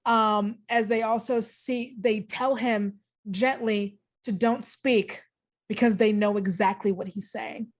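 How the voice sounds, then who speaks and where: A woman improvising as a player in a tabletop game, spinning a playful scene in quick bursts. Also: fairly high pitch, fairly even intonation. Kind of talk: improvised tabletop role-play.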